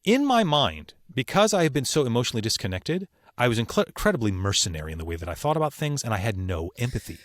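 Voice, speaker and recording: A man who works as a voice actor, telling personal stories as a podcast guest in an earnest, emphatic way with slow, weighty pauses. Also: mid-range voice, very animated, no room sound, studio quality. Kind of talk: reflective interview storytelling.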